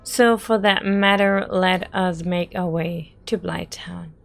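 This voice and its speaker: A woman's voice: on the low side, steady tone, slow pace, vocal fry, background noise. A woman hosting a game walkthrough, giving chatty, emotional gameplay commentary.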